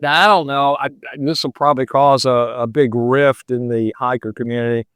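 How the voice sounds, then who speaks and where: A man's voice: medium pitch, fairly even intonation, moderate pace, a bit bright, clean tone, dry recording. A man in his seventies, a pastor and long-distance hiker, chatting as a podcast guest in a folksy, rambling way. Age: 70s. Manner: folksy and rambling, full of "you know" and "man". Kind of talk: casual interview chat.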